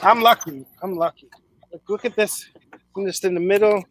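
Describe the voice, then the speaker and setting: A man's voice: high-pitched, normal speed, fairly bright tone, rough recording. Laid-back man. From Philadelphia area. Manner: laid-back, laughing, rambling with restarts. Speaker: musician guest. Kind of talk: casual chat on a live video call.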